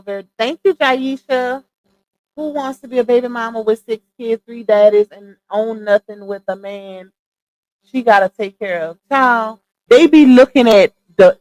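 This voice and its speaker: Speaking right to her audience, a young livestream host delivers casual, opinionated commentary in a high voice, leaning hard on every point. The recording is dry and close, with no sense of a room around her.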